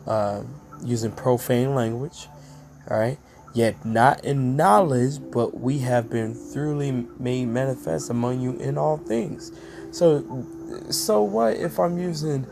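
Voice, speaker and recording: A man preaches scripture in slow, stretched-out phrases, full of slang and little checks like asking if you are with him. A faint bed of music runs quietly underneath his voice. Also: mid-range voice. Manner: slangy, drawn-out emphatic delivery, frequent asides. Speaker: street preacher. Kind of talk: informal scripture teaching.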